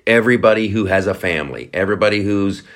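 A man's voice: on the low side, fast talker, a bit bright. A man hosting a podcast, ranting in a mocking, profane comedic commentary. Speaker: podcast host.

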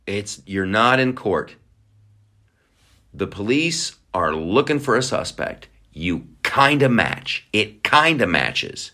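A man's voice: lowish voice, sing-song, measured pace, pushed and bright. A man hosting a podcast, ranting in a mocking, profane comedic commentary. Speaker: podcast host.

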